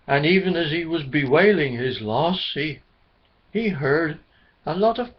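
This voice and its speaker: Slow, husky man telling a children's story. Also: fairly high pitch, lively intonation. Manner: gentle, chuckling storybook telling. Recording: dull lo-fi recording.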